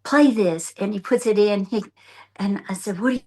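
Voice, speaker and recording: A woman's voice: medium pitch, moderate pace. An older woman from the United States, a country songwriter and guest, telling a long story in a casual interview, jumping into other people's voices as she goes. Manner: animated, acts out others' voices in her anecdotes. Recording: remote.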